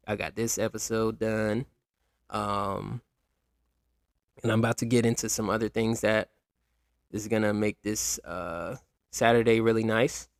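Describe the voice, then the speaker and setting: Podcast host, man, gravelly low-key delivery, dry close mic, rambling casual talk to his listeners. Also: no room sound. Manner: rambling, restarts often, addresses listeners directly.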